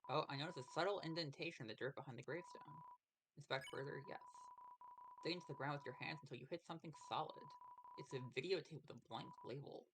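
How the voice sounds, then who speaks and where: A man's voice: on the high side, fast, noisy background. A man playing a game on a stream, chatting casually with dry, wry remarks.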